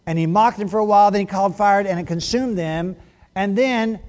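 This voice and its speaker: A male pastor giving a sermon in a conversational way, moving between hushed moments and animated bursts. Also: high voice.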